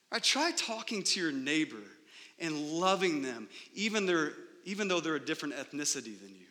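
Bright-voiced preaching man in echoing hall. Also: fairly high pitch. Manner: emphatic preaching with repeated rhetorical "right?". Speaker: pastor. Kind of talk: sermon. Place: church sanctuary.

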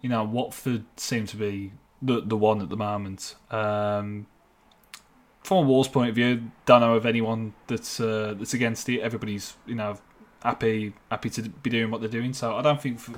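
A man's voice: fairly low pitch, fairly even intonation, a little fast. A man talking as a football reporter in a casual podcast chat, hesitant with many restarts.

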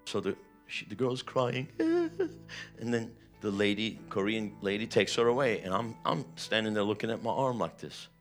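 A man's voice: on the low side, fairly quick, few pauses, soft background music. A man preaching a sermon, retelling a personal testimony with vivid, emotional storytelling. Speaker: pastor.

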